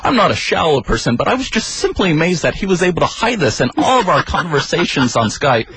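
A man's voice: a little high, sing-song, quick pace, fairly bright tone, husky, low-quality recording. A young man telling a funny personal story as a radio guest, wry and self-deprecating.

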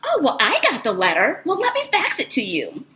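A woman voicing an overly sweet, chirpy woman official with a breathy, high sing-song voice. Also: huge pitch swings, brisk, pushed and bright, exaggerated voice. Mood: fake-friendly.

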